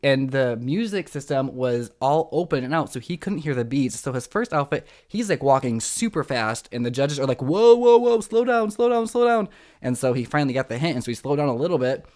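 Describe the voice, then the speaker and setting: A young man hosting a podcast, recapping reality shows in a casual, excitable and dramatic way. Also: medium pitch, a little fast, hardly any pauses. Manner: excitable, dramatic, acts out quotes. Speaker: podcast host.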